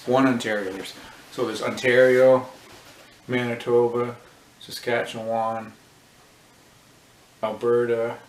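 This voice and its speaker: A man with a fairly low voice rambles through a joking monologue, correcting himself and poking fun at his own slips. The room rings with echo, and a faint noise sits underneath. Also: distant mic. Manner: rambling, self-mocking, thinks aloud. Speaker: vlogger.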